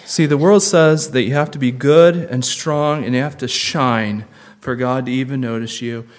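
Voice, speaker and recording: A pastor preaching a sermon in an emphatic way, repeating key phrases and moving between hushed and loud. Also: male voice, mid-range voice, steady tone, normal speed.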